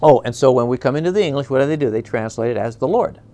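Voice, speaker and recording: A man teaching a Bible class in a classroom. He talks conversationally, often checks in with "okay?", gropes for words and slows down to sound out Hebrew words. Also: medium pitch, expressive, mellow. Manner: searches aloud for words, with fillers and restarts.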